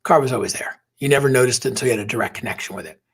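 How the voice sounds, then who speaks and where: A man's voice: mid-range voice, very fast, vocal fry, husky. A man guesting on a podcast, telling a personal story earnestly and emotionally, dropping to a whisper at tender moments.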